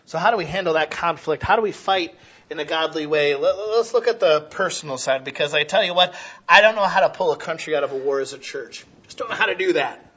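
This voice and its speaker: High, bright-voiced preaching man. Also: fast, breathy edge, muffled recording. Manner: animated preaching, acting out quoted voices, shouts rhetorical questions. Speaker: pastor. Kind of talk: sermon. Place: church.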